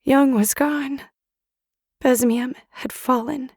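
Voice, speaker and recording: A woman's voice: sits high, steady tone, slow, darkish tone, dry recording, studio quality. A woman narrating an audiobook in a dramatic, emotional first-person reading. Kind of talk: scripted narration.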